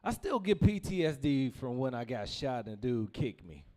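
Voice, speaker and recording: A young man telling stand-up stories, animated and laughing through his lines as he acts out his family. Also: medium pitch, normal speed. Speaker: stand-up comedian. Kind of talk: stand-up storytelling.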